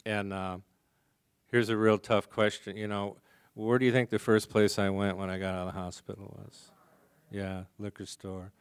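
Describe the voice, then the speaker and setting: Brief: low, smooth-voiced Midwestern man, mellow storyteller, dry close mic. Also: level tone, normal speed, no room sound. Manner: mellow, soft-spoken, wry humor. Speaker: recovery meeting speaker. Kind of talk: storytelling talk to an audience. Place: conference hall before a live audience.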